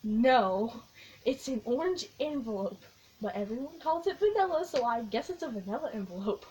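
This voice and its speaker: A young woman vlogging, telling a long, excitable story in a casual, rambling way with lots of giggles. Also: a little high, normal speed, low-quality recording. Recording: faint background noise.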